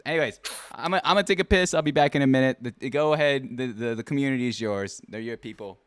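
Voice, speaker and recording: A man hosting a casual talk show with a lively, swinging pitch. He rambles and restarts as he teases his guest. The sound is dry and close. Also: fast, dry recording. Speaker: podcast host. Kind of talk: casual chat.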